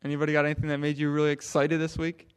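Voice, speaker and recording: A man with a fairly high voice leads a children's sermon. He talks with lively swings in volume, from near shouts down to a hushed murmur. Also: very fast, clear, resonant tone. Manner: animated, drops to a hush for emphasis. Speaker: pastor.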